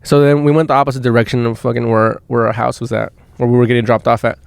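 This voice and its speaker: Male podcast host, mid-pitched, casual and profane, recorded dry in a van. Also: level tone, fast talker, creaky, clear, resonant tone, dry recording. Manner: rambling, swears a lot, many restarts. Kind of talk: casual storytelling. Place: inside a van.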